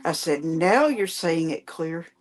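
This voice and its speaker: Guest woman, lower voice, slow and patient, walks listeners through it step by step. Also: animated. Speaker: panel chat guest. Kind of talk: casual chat.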